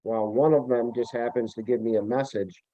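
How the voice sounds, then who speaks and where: A man's voice: medium pitch, fairly even intonation, normal speed, dry recording. A man from Vermont, a returning guest on an interview show, talking in a rambling way and often searching for his words. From Vermont, USA. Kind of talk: casual interview talk. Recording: tinny phone-like remote line, dry.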